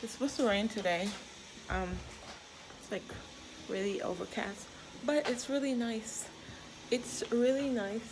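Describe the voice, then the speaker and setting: A woman's voice: on the high side, measured pace, background noise. A woman chatting casually in her day-in-the-life vlog as a mom, talking to her toddler and to the camera in her home kitchen. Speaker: vlogging mom. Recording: kitchen clatter of dishes and pans.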